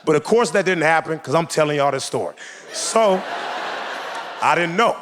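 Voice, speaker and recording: A young man performing stand-up comedy before a live audience, his voice sitting a little high and swinging widely as he acts out the people in his stories. The live stage recording carries a faint bed of room noise. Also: animated, normal speed.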